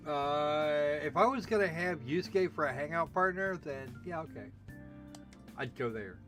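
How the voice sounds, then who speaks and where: A man's voice: on the high side, lively intonation, measured pace, over music. A man giving sarcastic commentary while playing a video game, often repeating words as he stumbles. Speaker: let's play host.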